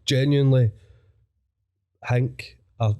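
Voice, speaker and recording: A man's voice: mid-range voice, steady tone, slow, darkish tone, clear, resonant tone. A young man with a Glaswegian accent, a guest comedian chatting casually on a podcast, sweary and rambling, laughing often. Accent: Scottish, Glaswegian.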